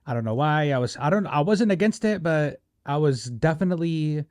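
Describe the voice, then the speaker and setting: A man's voice: a little high, animated, brisk, a little mellow, no room sound, studio quality. A man hosting a casual podcast, rambling and joking with lots of fillers. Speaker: podcast host.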